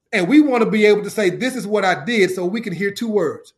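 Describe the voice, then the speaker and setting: A man with a fairly high voice tells a faith story as a podcast guest. He talks with excitement and emotion, circling back to the same phrases the way a preacher does. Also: fast. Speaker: youth coach. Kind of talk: testimony-style storytelling.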